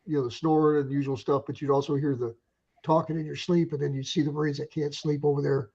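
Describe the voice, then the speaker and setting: A former drill instructor in his forties reflects slowly and quietly over a video call. His voice is husky and a little raised in pitch, and the stream audio comes through dull and lo-fi. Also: flat delivery. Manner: measured, reflective, soft-spoken. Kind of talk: casual reminiscing chat.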